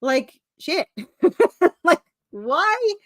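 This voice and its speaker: A woman's voice: very high voice, sing-song, extremely slow, pushed and bright, no room sound, studio quality. A woman, an indie comic creator, chatting as a guest on a video call, rambling with many fillers and restarts and laughing at herself. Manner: self-mocking, laughs at herself. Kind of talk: casual video-call chat.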